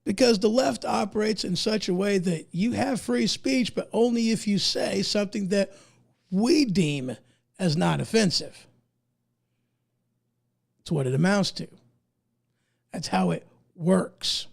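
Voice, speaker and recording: A man's voice: sits high, a little slow, gravelly, long pauses. A man from the United States who is losing his voice, giving emphatic, indignant opinion commentary as a podcast host and reading articles aloud in a folksy way.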